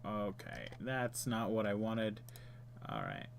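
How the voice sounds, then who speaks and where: Laid-back, slow-talking male game streamer. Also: lowish voice, huge pitch swings, creaky, a little hiss or hum. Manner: chatty, laid-back, muttering to himself while playing. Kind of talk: casual let's-play commentary, reading game text aloud.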